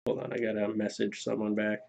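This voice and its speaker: A man's voice: fairly low pitch, level tone, quick pace, gravelly, darkish tone. A man on a casual live stream reading viewer donations aloud, loose and profane, laughing at his own jokes. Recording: slightly dull lo-fi stream audio.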